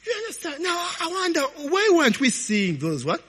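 A man preaching, telling stories in an animated, informal sermon, often tagging lines with "eh?". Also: very high-pitched, fairly quick, hardly any pauses. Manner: animated, peppers talk with "eh?" and laughs. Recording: long hall reverb.

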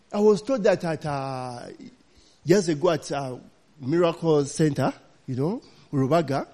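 Male preacher, a touch high-pitched, loose and laughing as he tells stories to the congregation, church hall with reverb. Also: mellow. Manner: chatty, laughing, peppers lines with "you know, eh?". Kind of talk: storytelling sermon.

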